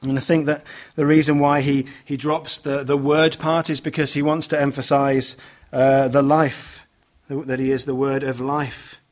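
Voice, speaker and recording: A man preaching a sermon, speaking in a measured way with many "uh" fillers and restarts as he reads scripture aloud and explains it. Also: medium pitch, level tone.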